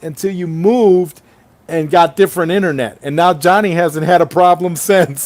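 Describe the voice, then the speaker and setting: A man's voice: sits high, normal speed, darkish tone, no room sound. A man hosting a casual late-night livestream chat, reading viewer comments aloud and rambling enthusiastically between them over an online call. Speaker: livestream host. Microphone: online streaming call.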